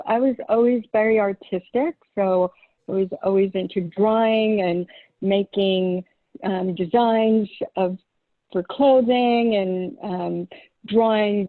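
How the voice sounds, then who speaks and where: A woman's voice: mid-range voice, no room sound. A middle-aged woman from Long Island, a holistic chiropractor, answering interview questions casually with frequent ums and hesitations. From Long Island, New York. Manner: hesitant, many ums, light laughs. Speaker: podcast guest, holistic chiropractor. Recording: tinny phone-like line.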